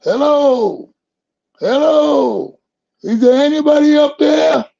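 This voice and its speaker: A man voicing a panicked man clinging to a branch, pleading and shouting upward for help. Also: lowish voice, expressive, a little slow, gravelly, highs cut off, heavily acted. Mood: frantic.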